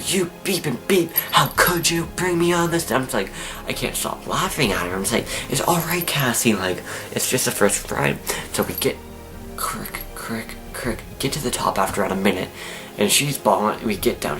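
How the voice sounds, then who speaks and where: A young man telling a rambling, excitable story to his camera as a casual vlog, with halting restarts and faint music behind. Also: fairly low pitch, low-quality recording. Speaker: vlogger.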